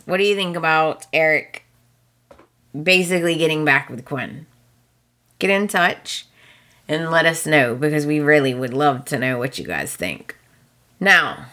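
A woman recapping a soap opera on her podcast, with a bright, forceful voice. She takes her time and sounds gossipy and exasperated, often turning to her listeners. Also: low voice. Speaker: podcast host.

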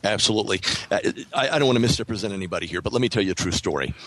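A low-pitched man speaks in a measured, thoughtful way in a relaxed podcast chat. He often pauses and restarts as he works through a point. The sound is dry and close, with no room in it. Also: no echo, low-quality recording. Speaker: author guest on a podcast. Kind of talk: casual podcast conversation.

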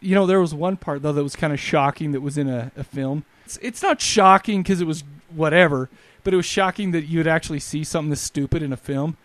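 A man hosting a podcast, chatting casually about a film, animated and joking with quick asides. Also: on the high side, no echo. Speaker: podcast host. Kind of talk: casual movie review chat.

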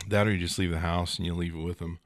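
A man's voice: low voice, little pitch movement, fast talker, no echo. A male podcast host giving a casual, rambling rundown of tech news, joking and swearing as he goes. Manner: rambling, profane, joking asides.

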